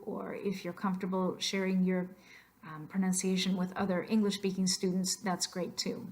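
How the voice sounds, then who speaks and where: A young adult woman, a Spanish teacher, narrating a slide lecture and explaining accent rules, switching between English and Spanish with soft asides. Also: mid-range voice.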